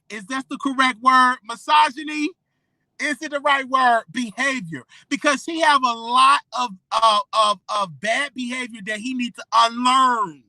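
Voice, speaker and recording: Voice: high voice, pushed and bright, no room sound. A blogger in their thirties hosting a solo commentary show, talking emphatically and checking in with the audience again and again. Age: 30s. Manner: emphatic, repeats "okay?" and "you know what I'm saying".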